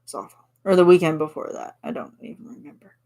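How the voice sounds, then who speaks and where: A woman's voice: fairly low pitch, lively intonation, fast, creaky, mellow. A woman from Canada chatting casually with her viewers on a stream, giggling and answering chat. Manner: chatty and giggly, reads chat replies aloud.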